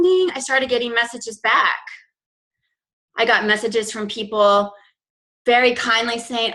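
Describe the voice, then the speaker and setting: Chatty bright-voiced woman coach. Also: medium pitch, moderate pace, low-quality recording. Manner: chatty, with many fillers and restarts. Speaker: fitness business coach. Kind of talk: informal training talk to her team.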